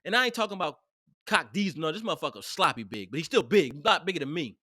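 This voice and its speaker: A man telling a heated workplace story in a casual, animated and profane way, emphatic and expressive. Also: fairly high pitch, fast talker, dry recording, studio quality.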